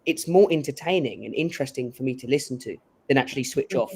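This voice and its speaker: A man's voice: mid-range voice, lively intonation, fast, a little mellow, husky. Man chatting hesitantly in a mid voice. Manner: hesitant, restarting sentences. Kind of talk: casual chat.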